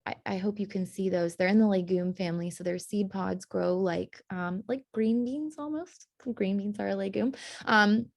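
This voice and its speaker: A woman's voice: mid-range voice, moderate pace, vocal fry, darkish tone, no echo, clean studio sound. A young woman, a tree historian, presenting casually on a video call, chatty and full of fillers and small laughs. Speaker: tree historian giving a talk.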